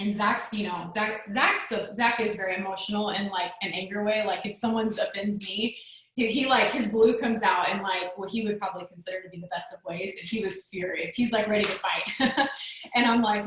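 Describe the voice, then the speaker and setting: A woman's voice: mid-range voice, brisk, fairly bright tone. A young adult woman telling a personal story in a chatty way, full of "like" fillers, on a video call. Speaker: network marketing leader. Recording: very echoey room.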